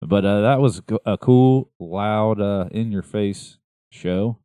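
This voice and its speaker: A man's voice: fairly low pitch, slow, mellow, clean tone, no room sound, studio quality. A man co-hosting a podcast, joking crudely and laughing often in casual banter. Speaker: podcast co-host.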